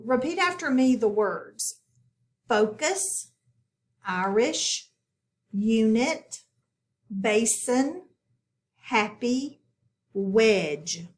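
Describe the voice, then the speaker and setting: A woman's voice: a little high, reverberant. A woman teaching a recorded phonics lesson, explaining each step patiently and plainly.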